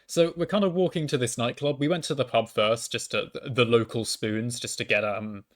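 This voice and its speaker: A man's voice: mid-range voice, steady tone, normal speed. A young man, a university student, telling a casual storytime monologue into a microphone at home, often stammering and restarting with self-deprecating asides. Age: young adult.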